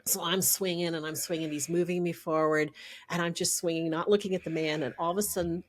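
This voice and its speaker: A middle-aged woman, a podcast guest, telling a story in a lively, casual way and laughing as she goes. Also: fairly low pitch, brisk.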